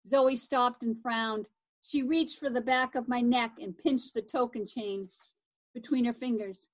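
A woman reads a children's story aloud in a somewhat high, lively voice. She voices the scenes with animation and now and then trips over a word and fixes it. The sound is close and dry. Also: moderate pace, dry recording. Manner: lively expressive reading with occasional slips and self-corrections. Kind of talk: reading a children's chapter book aloud.

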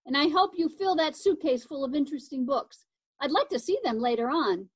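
A woman's voice: high-pitched, expressive, brisk, dry recording, voice pushed up. A woman reading aloud, voicing a polite, somewhat formal young neighbor boy in a storybook. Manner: courteous and a little formal. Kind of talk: reading a children's chapter book aloud.

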